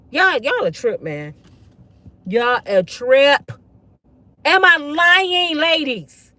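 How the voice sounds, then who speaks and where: Woman going off on a phone stream, high lively voice, cussing, dry close sound. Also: takes it slowly, pauses often, no echo. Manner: blunt, profane, fiery. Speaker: online commentator. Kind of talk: casual livestream rant.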